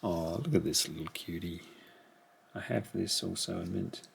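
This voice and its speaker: Middle-aged man, low gravelly voice, slow and musing, home unboxing with crinkling packaging behind. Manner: quiet, musing, talks half to himself. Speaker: collector unboxing a haul. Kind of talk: casual unboxing commentary. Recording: rustling packaging noise behind.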